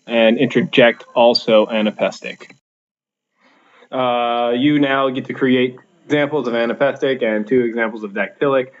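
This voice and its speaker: A man's voice: medium pitch, fairly even intonation, normal speed. Man teaching in a dull recording. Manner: plain, instructive, with frequent ums and uhs. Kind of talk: recorded video lesson.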